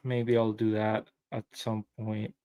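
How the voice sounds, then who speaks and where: A man guesting on a casual chat, talking about toys in a laid-back, enthusiastic way and thinking out loud. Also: on the low side, completely flat delivery, slow pace, clean tone, dry recording.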